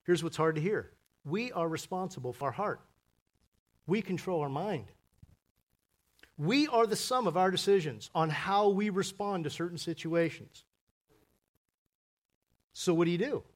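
Male pastor, higher pitch, animated sermon delivery with acted-out scenes. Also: measured pace, long pauses. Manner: animated, acts out biblical characters in voices.

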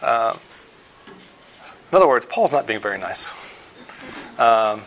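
A man delivers a sermon at a mid pitch that sits right in the middle for men. He talks it through conversationally and stops on fillers as he explains scripture. He leans hard on his main points. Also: very animated, slow, fairly bright tone. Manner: conversational preaching with frequent fillers. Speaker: pastor.

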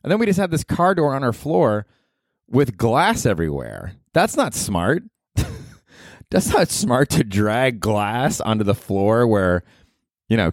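A man in his thirties with a fairly low voice hosts a casual solo podcast. He rambles through profane stories and laughs along. The sound is dry and close, with no room sound. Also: dry recording. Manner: rambling, profane storytelling with chuckles. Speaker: podcast host.

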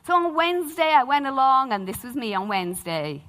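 Woman preacher, middle-aged, chatty animated storyteller. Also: high voice, fairly quick. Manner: animated, humorous storytelling with acted-out quotes. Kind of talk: sermon.

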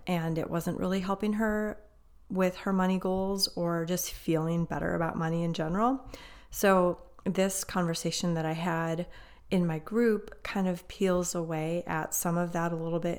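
A woman's voice: lowish voice, a little mellow, smooth. A woman hosting a podcast as a financial coach, talking in a chatty, upbeat way, a little out of breath. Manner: upbeat, chatty, uses "right?" often. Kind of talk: solo podcast talk.

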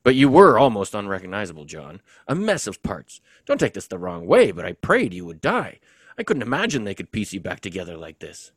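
A man voicing a loud, teasing soldier friend who mocks and exclaims in drawn-out words. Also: on the low side, huge pitch swings, slightly rough, dry recording, studio quality, heavily acted.

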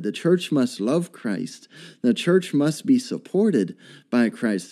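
Male preacher, mid-high voice, mellow tone, earnest repetitive delivery with fillers. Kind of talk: sermon.

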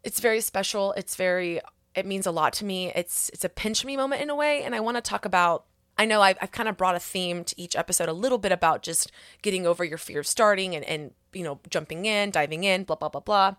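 A woman's voice: medium pitch, fast, fairly bright tone, no echo. Rambling, candid woman podcast host, dry sound. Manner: rambling, candid, full of asides; earnest and encouraging. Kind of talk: casual solo podcast chat.

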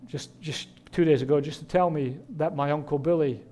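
Male pastor, fairly high voice, earnest sermon delivery. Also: steady tone, moderate pace. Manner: earnest, warm preaching with rhetorical questions. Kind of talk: Christmas sermon.

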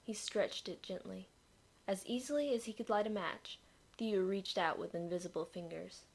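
A woman narrating a dark fantasy story in a measured, expressive reading. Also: mid-range voice, creaky, husky.

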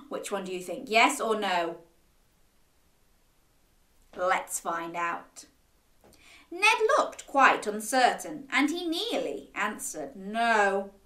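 A woman reads a children's picture book aloud, slowly and expressively, with a bright, lively, swooping voice. She invites young listeners to join in. Her voice echoes in the room around her. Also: on the high side. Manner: animated, interactive, asking listeners to join in. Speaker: children's storyteller.

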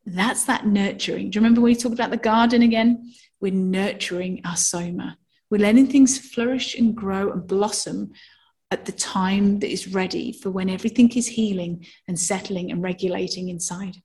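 A middle-aged woman teaching a somatic movement workshop, talking in a lively way, acting out little sighs and asking the listeners questions. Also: mid-range voice, normal speed. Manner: animated, acts out sounds and asks listeners questions.

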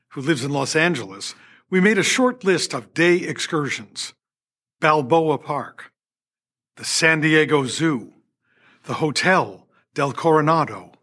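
An older man who hosts a podcast and conducts an orchestra narrates a personal story from a script, acting out quoted dialogue with little laughs. His voice is a little high, fairly bright, and slightly rough.

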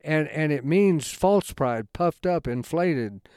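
A man giving an informal Bible study talk in a folksy, rambling way, halting often and restarting his sentences. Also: on the high side, animated, darkish tone, smooth, no echo, studio quality. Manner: folksy, conversational storytelling. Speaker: Bible teacher.

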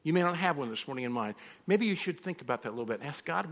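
A male pastor delivering a sermon full of personal stories, his voice gravelly with vocal fry. He acts out both sides of his conversations as he tells them. The sound rings with the long reverb of a large hall. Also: a little high, animated, racing, few pauses, fairly bright tone.

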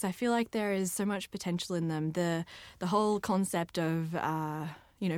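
A woman's voice: lowish voice, no echo. A young woman, an author answering interview questions in a bubbly, chatty way with frequent laughs. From Australia. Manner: bubbly, laughs often, lively asides. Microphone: studio microphone.

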